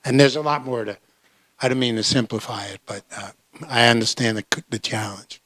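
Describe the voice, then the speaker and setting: A man on a labor panel speaking deliberately, often clearing his throat as he tells a story. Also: mid-range voice, a bit bright, no room sound.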